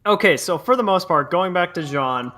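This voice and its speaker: Bright-voiced young man rambling with fillers. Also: high voice, animated, normal speed. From Central New Jersey. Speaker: podcast co-host. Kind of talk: casual chat.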